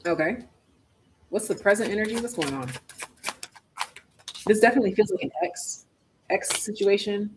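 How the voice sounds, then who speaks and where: A tarot reader giving a casual live-stream reading, chatty and slangy, thinking aloud and swinging between hushed asides and loud exclamations. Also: mid-range voice, moderate pace, long pauses, noisy background.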